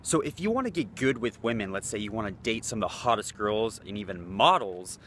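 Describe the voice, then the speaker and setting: A man's voice: fairly low pitch, expressive, a little fast, over loud music. A man talking as a dating coach in a loose, blunt, casual way, swearing freely. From United States. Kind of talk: casual talking-head vlog.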